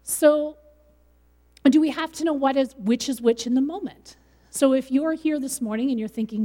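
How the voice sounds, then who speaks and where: A woman's voice: sits high, moderate pace, mellow, big-room sound. A middle-aged woman pastor preaching a sermon in a conversational way, with light laughs.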